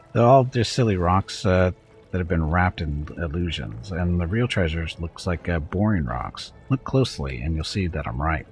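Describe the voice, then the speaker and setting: A spoiled, self-pitying demon queen whines and pouts in a gurgling purr, trying and failing to sound seductive, voiced by a man. Her voice sits low and deep. Faint music plays under her lines. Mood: smug. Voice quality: gurgling, purring. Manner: whiny, petulant, falsely flirtatious.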